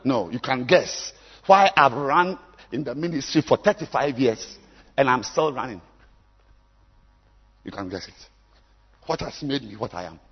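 A man, preaching a sermon as a pastor, swinging from low musing to loud exhortation. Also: expressive, unhurried, pauses often, slightly rough, lo-fi sound. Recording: long hall reverb.

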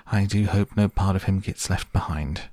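A man voicing an eccentric gentleman who speaks in a breezy, matter-of-fact way in an audiobook. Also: sits low, dry recording, clean studio sound. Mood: calm. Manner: matter-of-fact, briskly commanding. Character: eccentric, breezy male chocolate-maker. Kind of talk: audiobook character voice.

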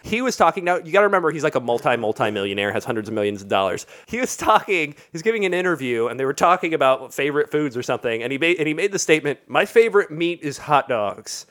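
A man's voice: a little high, big pitch swings, racing, few pauses, fairly bright tone. A man hosting a podcast, chatting casually and laughing often, and mocking people with small impressions. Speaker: podcast host.

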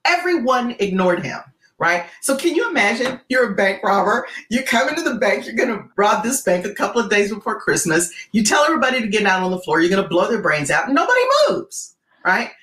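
A woman tells a story in a podcast interview, her pitch swinging widely as she gets caught up in it. She keeps checking in with a quick "right?". The recording has a roomy echo. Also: sing-song, fairly bright tone. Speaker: guest, keynote speaker.

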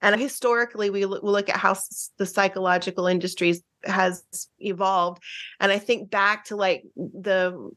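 A middle-aged woman, a marriage counselor and guest, talking earnestly and casually with lots of fillers, restarts and quick laughs. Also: mid-range voice, steady tone, fairly bright tone. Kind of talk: casual interview chat.

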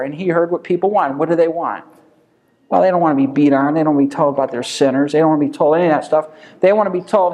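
A man's voice: fairly high pitch, rapid-fire, darkish tone. A man leading an informal Bible study lesson, speaking conversationally and firing off rhetorical questions that he answers himself.

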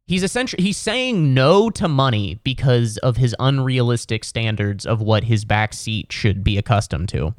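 A man's voice: mid-range voice, animated, normal speed, few pauses, no room sound, clean studio sound. A young man hosting a casual solo podcast, telling stories in a profane, exasperated rant. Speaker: podcast host.

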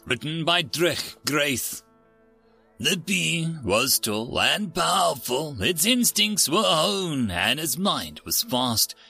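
A man reads stories aloud in a theatrical, expressive manner. His voice is bright and swings widely in pitch, and he takes his time. Faint music plays behind him. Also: creaky. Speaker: story narrator. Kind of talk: scripted narration.

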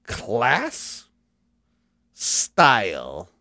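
Excitable rambling man, dry sound. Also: mid-range voice, very slow, no echo. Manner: rambling, excitable, stops and restarts. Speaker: podcast host. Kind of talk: casual chat. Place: home.

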